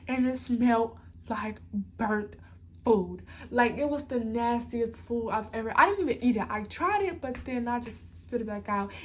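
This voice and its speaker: A young woman vlogger telling a storytime in casual chat, animated and talking straight to her viewers. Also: on the high side, slight background noise.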